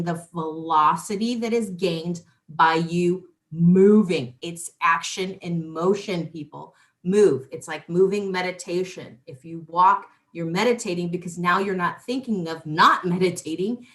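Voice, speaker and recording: Chatty animated woman, casual talk. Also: mid-range voice. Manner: animated, repeats words, quick asides; former police worker talking spiritual tools. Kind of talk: casual chat.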